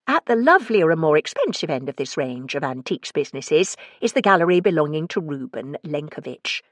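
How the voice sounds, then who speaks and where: Woman audiobook narrator, calm wry reading, lowish voice, dry studio. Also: a little fast, dry recording. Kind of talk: scripted narration.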